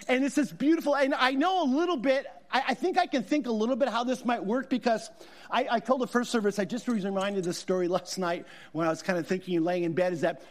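A man's voice: very high voice, quick pace. A middle-aged man, a guest pastor, preaching a sermon in a conversational, storytelling way with emphatic repetition. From Southern California.

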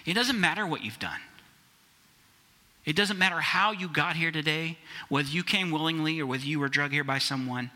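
Male pastor, conversational sermon delivery, fairly high, very bright tone. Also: moderate pace. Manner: conversational, addresses listeners as guys.

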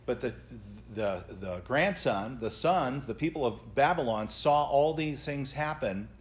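A man's voice: mid-range voice, expressive, a little slow. A middle-aged man, a pastor, teaching a Bible study class and explaining scripture earnestly to his group. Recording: slightly dull lo-fi recording.

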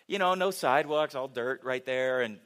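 A man's voice: medium pitch, normal speed, fairly bright tone. A middle-aged man preaching a sermon, telling a story with humor and asking the audience questions.

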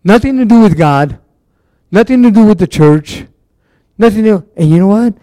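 Speaking in a fairly high, mellow, expressive voice at a normal speed, a man delivers a loose, folksy sermon that feels conversational. He relies on fillers and restarts while addressing his congregation. The audio is close and dry, without echo.

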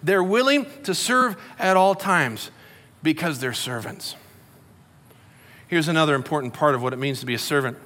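Heard with long hall reverb, a middle-aged pastor delivers a sermon like a story told conversationally, voicing the quotes he cites. His voice sits on the high side, sharp in tone, at normal speed.

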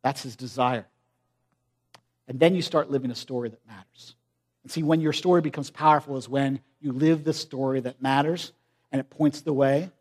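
A man preaching a sermon in an earnest, emphatic way, swinging from loud stresses to hushed lines. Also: mid-range voice, normal speed.

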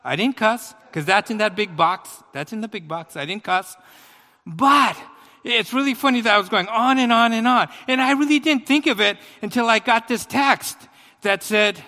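A man preaching a sermon, telling a personal story with big swings between loud outbursts and quiet asides. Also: extremely high pitch, animated, moderate pace, long reverb tail.

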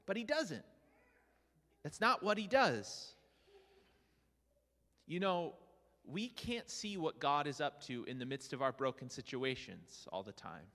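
A man preaching a sermon as pastor, earnest and animated, often asking his listeners rhetorical questions. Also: on the high side, measured pace, pauses often, in a large hall.

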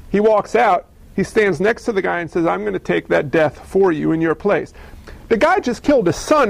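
A man preaching a sermon, telling stories in a conversational, animated way and asking the audience questions. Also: sits high, creaky, dry recording. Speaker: pastor.

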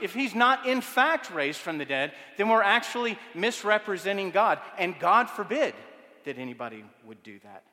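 Male pastor, high bright tenor, emphatic sermon delivery, long church-hall reverb. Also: expressive, moderate pace. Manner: rhetorical, emphatic preaching with repeated questions.

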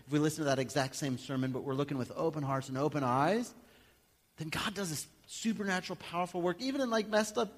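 A male pastor preaching a sermon in a conversational, animated way, acting out little everyday scenes. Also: on the high side. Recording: long hall reverb.

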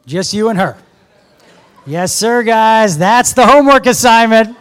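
Man, 50s, high-pitched, earnest exhorting sermon, addresses the congregation. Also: animated, measured pace, clean tone. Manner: earnest, exhorting, talks straight to the audience. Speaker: guest speaker. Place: church service with a live audience.

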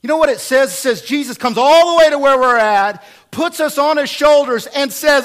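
A male pastor preaching a sermon, emphatic and repetitive, swinging from quiet asides to loud bursts. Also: very high-pitched, normal speed, few pauses. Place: church.

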